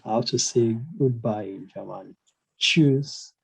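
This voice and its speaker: Slow, hesitant male language teacher. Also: on the low side, vocal fry, slight background noise, rough recording. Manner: hesitant, many fillers and "you know"; asks learners questions, encouraging. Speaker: German teacher. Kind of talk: online language lesson.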